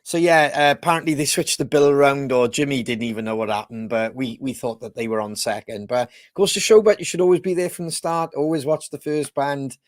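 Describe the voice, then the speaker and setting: A man from Wales co-hosts a podcast over a video call, chatting casually and rambling with plenty of fillers. He speaks a little fast with few pauses in a steady, mid-range voice, recorded dry and at studio quality.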